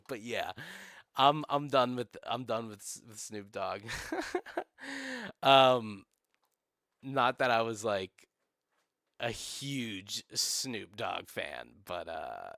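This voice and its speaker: A young man rants on a live stream, sarcastic and profane, breaking into laughs. His pitch swings widely from low mutters to high outbursts. The sound is dry and close, with no room around it. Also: lively intonation, takes it slowly, gravelly, long pauses, fairly bright tone, dry recording. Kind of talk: casual live-stream rant.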